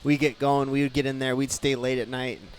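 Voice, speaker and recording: A man, a guest in a radio studio, telling a story in casual chat and acting out the people in it with lively energy. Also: medium pitch, fairly quick, slight background noise. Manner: animated, acts out quotes.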